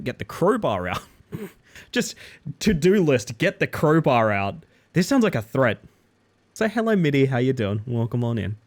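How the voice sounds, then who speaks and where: This young man's voice sits at medium pitch with a darkish tone. He's live-streaming a game, casually joking around and chatting playfully, speaking straight to his viewers.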